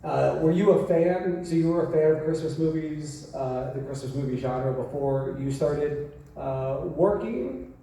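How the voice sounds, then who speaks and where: A man's voice: a little high, measured pace, mellow. A man moderating a convention Q&A, asking questions hesitantly with many "uh"s. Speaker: panel moderator. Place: large convention hall. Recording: echoey hall from far off.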